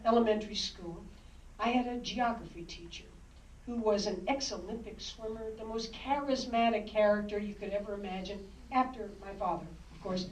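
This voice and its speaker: A woman in her sixties, an author, telling stories from her life in a lively, wry, dramatic way. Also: fairly high pitch, a little hiss or hum. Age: 60s. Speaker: author and speaker. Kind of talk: storytelling talk. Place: library hall, indoors. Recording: roomy hall, distant dull mic.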